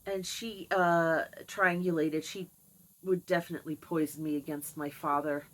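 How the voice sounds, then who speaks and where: A woman's voice: sits low, steady tone, moderate pace, low-quality recording. Chatty wry middle-aged woman vlogger. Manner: chatty, wry, talks to her cat between stories. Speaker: video blogger. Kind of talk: candid personal storytelling to camera.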